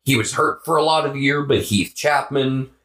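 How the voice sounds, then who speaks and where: An American man co-hosting a podcast, talking about football in a relaxed, offhand way with the odd swear. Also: medium pitch, moderate pace. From United States. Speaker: podcast co-host. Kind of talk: casual sports chat.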